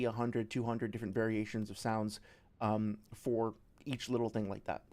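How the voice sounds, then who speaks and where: Male game-dev streamer, mid pitch, casual and rambling, explains with examples. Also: a little mellow.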